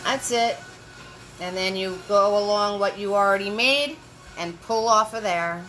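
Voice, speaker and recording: A woman leading a live painting lesson, chatty and encouraging, giving slow step-by-step instructions and greeting viewers by name. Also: mid-range voice, fairly bright tone, faint music behind, poor audio.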